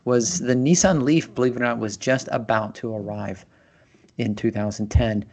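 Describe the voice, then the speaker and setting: A man's voice: mid-range voice, steady tone, moderate pace, a little mellow. A man hosting a casual podcast chat, conversational and loose, with plenty of fillers and restarts. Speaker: podcast host.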